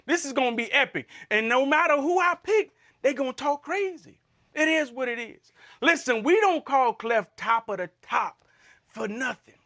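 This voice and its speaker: A man chatting as an esports analyst, animated and full of slangy trash talk. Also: extremely high pitch. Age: adult man. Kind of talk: casual esports desk chat.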